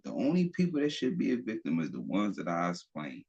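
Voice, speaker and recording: Real deep husky dude just going off on a podcast, blunt and swearing a lot, kinda muffled lo-fi audio. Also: male voice, wildly swooping pitch, a little fast, darkish tone. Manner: blunt, profane, rambling with restarts. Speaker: podcast host. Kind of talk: casual opinion talk.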